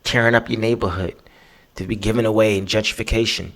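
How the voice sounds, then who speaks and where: A man's voice: on the low side, fairly even intonation, quick pace, a bit bright. A man hosting a podcast, talking alone in a loose, profane, emphatic way and often tagging his points with "right?". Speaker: podcast host. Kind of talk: casual monologue.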